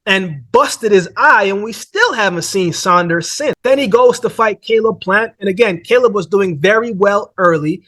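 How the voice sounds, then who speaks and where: A man's voice: high voice, moderate pace, few pauses, a bit bright. A man hosting a casual boxing breakdown, talking conversationally and often tossing in "man" and "right?". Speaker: boxing analyst host.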